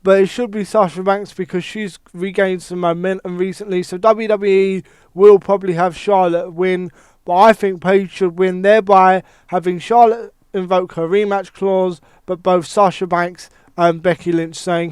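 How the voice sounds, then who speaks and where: A man giving a casual, animated wrestling opinion monologue, swearing heavily and thinking aloud with many restarts. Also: high-pitched, unhurried, smooth, no room sound. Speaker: wrestling commentator.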